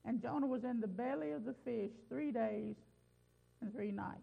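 A man's voice: extremely high pitch, normal speed, vocal fry. A man preaching a sermon, reading scripture emphatically and commenting in a folksy way. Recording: muffled lo-fi recording.

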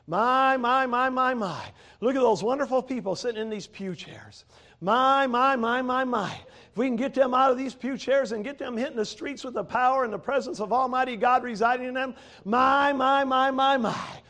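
A man's voice: extremely high pitch, moderate pace, sharp tone, pitched above the performer's own voice. A man preaching who voices an angel urging people on, coaxing and repeating phrases in a sing-song. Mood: admiring.

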